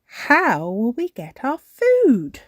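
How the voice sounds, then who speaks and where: A gentle mother pig speaks slowly in a calm, motherly storybook voice, read by a woman. The tone is soft and even-tempered. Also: high voice, dry recording, studio quality, voice pushed up, exaggerated voice.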